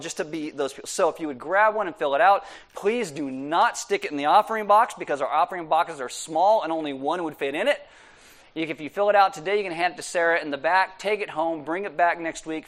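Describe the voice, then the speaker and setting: A man giving casual church announcements as pastor to the congregation, in an easygoing, joking way. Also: on the high side. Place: church service room.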